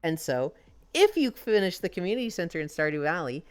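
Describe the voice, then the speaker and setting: Low-voiced woman telling animated stories. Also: a little fast. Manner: animated storyteller, acts out quoted characters. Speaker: streamer. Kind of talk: casual chat.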